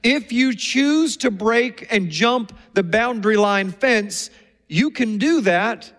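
A man with a high voice delivers a sermon, telling stories with energy and acting out the people he quotes. His voice rings through a large hall with a long reverb. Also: animated, slow, a bit bright. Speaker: pastor.

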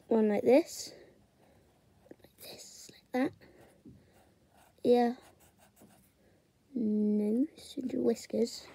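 Young woman, drawing tutor, unhurried and chatty, narrates step by step. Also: fairly high pitch, steady tone, gravelly, dark tone, breathy edge.

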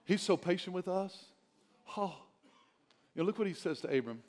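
A man's voice: sits high, animated, normal speed, darkish tone. A male pastor preaching a sermon, urging the congregation with emphatic repetition and the odd chuckle.

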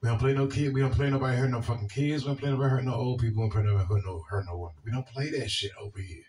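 A man with a Washington, D.C. accent talks bluntly and swears freely while he answers viewer comments, often circling back over the same words. His voice sits a bit back from the microphone at an ordinary, middle pitch. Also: rapid-fire, a little mellow, distant mic, slight background noise. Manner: blunt, profane, repeats himself. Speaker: video host.

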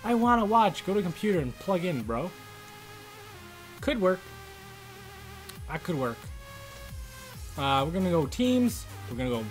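A man's voice: high voice, big pitch swings, unhurried, long pauses, soft background music. A young man, live streaming a game and chatting casually with viewers, greeting and teasing them as he reads the chat. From Canada.

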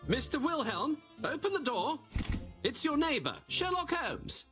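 Casting: a theatrical, pompous game detective, voice swooping wildly, over game music. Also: male voice, extremely high pitch, very animated, measured pace, sharp tone, full character voice. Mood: lecturing. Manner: grandiloquent, lecturing, sweeping delivery. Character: pompous, theatrical male detective, grandly confident.

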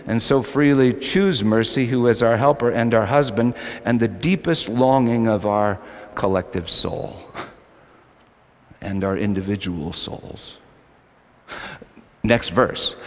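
A male pastor preaching a sermon, swinging between loud, emphatic lines and quiet, low asides. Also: lively intonation, moderate pace. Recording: long hall reverb.

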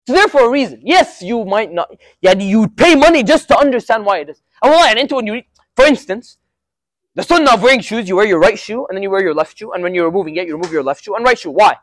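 Young man, very high voice, casual storytelling lesson, Arabic fillers, dry close sound. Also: animated, quick pace, fairly bright tone, no room sound. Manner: casual, conversational, with frequent Arabic filler words. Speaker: student speaker at a university Muslim association. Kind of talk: informal religious storytelling lesson.

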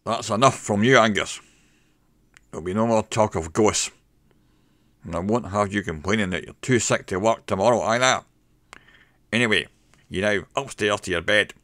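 A man voicing a huge, impatient hotel owner who speaks in a gruff, booming voice in a story reading. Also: normal speed, pauses often, bright, forceful tone, no echo. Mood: stern.

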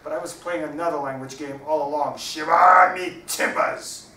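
A man's voice: a little high, steady tone, normal speed, bright, forceful tone. A man doing a fretful, bumbling pirate. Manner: fretful, then blustering. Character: anxious, bumbling male pirate. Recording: echoey hall, distant mic, faint hiss.

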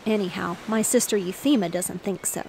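A woman reading aloud, voicing a kindly old retired male sailor with a gruff, homespun way of talking. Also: medium pitch, a little fast, a little mellow, slight background noise, natural voice, low-quality recording. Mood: homely.

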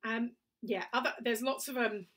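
A woman with a southern English accent teaches singing in a loose, chatty way, breaking off into small laughs and quick demonstrations. Her voice is bright and forward. She sits a little back from the microphone. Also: fairly high pitch, recorded from a distance. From England. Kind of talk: casual spoken lesson.

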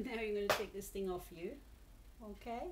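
A woman's voice: medium pitch, moderate pace, heavy background noise. A woman from England coaxing her cat into posing for photos, cooing and encouraging it along. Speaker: pet owner filming her cat. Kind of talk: coaxing talk to a pet.

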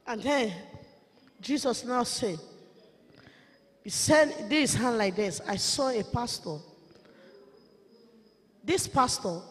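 A woman's voice: medium pitch, breathy edge. A woman giving a fervent, tearful sermon testimony at a ministers' conference, in plain, broken phrasing. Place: church conference hall. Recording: long hall reverb.

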